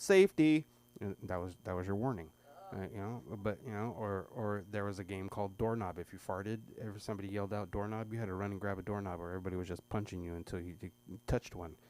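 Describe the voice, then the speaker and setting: A middle-aged comedian rambles through a stand-up set at an open mic in a small club, stumbling and restarting as he goes. His fairly low voice is dark, mellow, and clean, picked up by a stage microphone.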